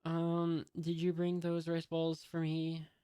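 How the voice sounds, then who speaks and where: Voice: mid-range voice, slow, clean tone, no room sound, lightly acted. A reader doing an arrogant spoiled rich boy. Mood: sneering. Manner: reads the lines flatly, barely changing voice. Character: spoiled rich young man, arrogant and cruel. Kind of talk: reading a comic aloud.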